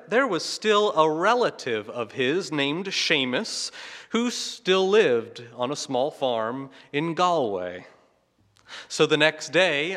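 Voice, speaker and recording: A man's voice: on the high side, bright, forceful tone. A man preaching a sermon, telling a story and asking rhetorical questions with light chuckles. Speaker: pastor. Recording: long hall reverb.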